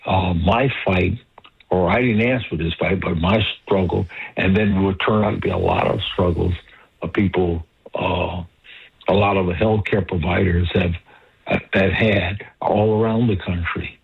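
A male caller on a radio talk show, speaking passionately but haltingly, with many restarts and repeated words. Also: sits low, steady tone. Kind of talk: passionate call-in commentary. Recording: husky phone line.

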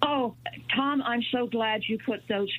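A woman calling in to a radio talk show, rambling and halting with many fillers. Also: fairly high pitch. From New Mexico. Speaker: caller. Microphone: telephone. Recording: tinny phone line.

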